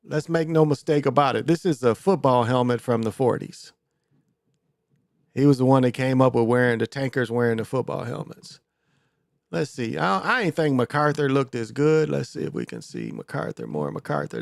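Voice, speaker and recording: A man's voice: mid-range voice, animated, normal speed, vocal fry, no echo, clean studio sound. A man hosting his own show in a rambling, crude, casual monologue full of fillers. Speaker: show host.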